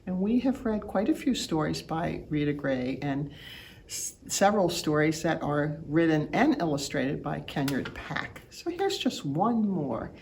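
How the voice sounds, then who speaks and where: A woman reading a picture book aloud to children, telling the story with animation and imitating bird calls in high, loud chirps. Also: lively intonation, a little slow, slight background noise. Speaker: children's art program teacher reading aloud.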